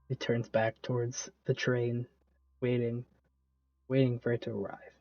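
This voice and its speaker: Gm guy narrating, relaxed and halting, dull dry audio, faint music. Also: medium pitch, no echo. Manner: relaxed, hesitant with fillers. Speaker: game master. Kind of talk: narrating a tabletop game.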